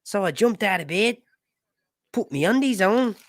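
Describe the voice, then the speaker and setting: A man voicing an excited Australian bloke with a put-on Australian accent, exaggerated and punctuated by laughter. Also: high-pitched, moderate pace, dry recording, pitched above the performer's own voice. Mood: boisterous.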